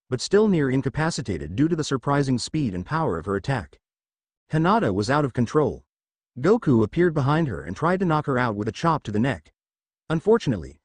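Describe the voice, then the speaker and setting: A man narrates an action fan-fiction story in a steady storytelling read, his pitch moving in a lively way at a middle level. The sound is dry and close to the mic. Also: no echo. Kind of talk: reading fan fiction aloud.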